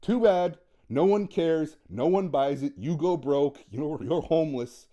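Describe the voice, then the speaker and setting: Emphatic dating coach man, dark voice. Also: on the high side, unhurried, lo-fi sound. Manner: emphatic, repetitive, acts out quoted dialogue. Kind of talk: motivational monologue.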